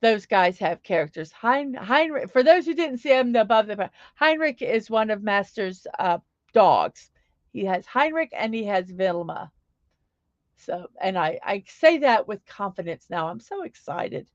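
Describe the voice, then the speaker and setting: A woman's voice: medium pitch, big pitch swings, a little slow, no room sound, lo-fi sound. A middle-aged woman hosting a casual home livestream, chatty and upbeat, reading viewers' comments aloud. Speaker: livestream host.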